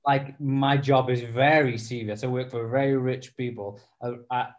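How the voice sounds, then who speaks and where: A man hosting a construction podcast, chatting in a relaxed, agreeable way with casual swearing. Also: medium pitch, moderate pace. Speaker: podcast host. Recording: slightly dull lo-fi recording.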